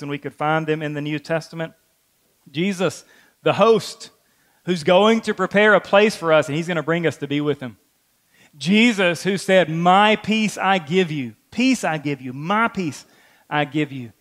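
A man's voice: a little high, fairly bright tone. A middle-aged man preaching a sermon, earnest, repeating key phrases for emphasis. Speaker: pastor.

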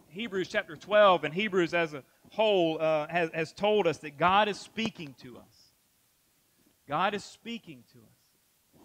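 A man's voice: high-pitched, a bit bright, poor audio. A man preaching a sermon to his church, emphatic, repeating phrases and asking rhetorical questions. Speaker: pastor.

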